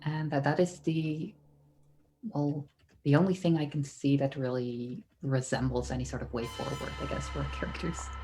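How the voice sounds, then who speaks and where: A woman's voice: low voice, little pitch movement, normal speed, warm tone, soft background music, rough recording. A woman playing a tabletop game, talking casually and hesitantly with many restarts. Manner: hesitant, lots of restarts and fillers. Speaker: player.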